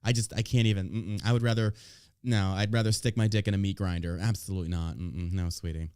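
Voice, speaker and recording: A man doing a sassy, flamboyant guy who drawls every refusal in a low, hushed, mocking tone. The sound is dry and close, with no room around it. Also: steady tone, quick pace, clean tone, no room sound, natural voice. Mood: sassy dismissive.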